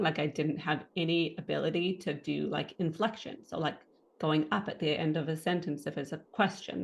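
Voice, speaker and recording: A woman in her thirties tells her own story to an interviewer, acting out the lines of the people around her. Her voice sits low and carries heavy vocal fry. She talks in a casual, personal way. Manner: animated storytelling, acting out what others said and thought. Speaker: interview guest.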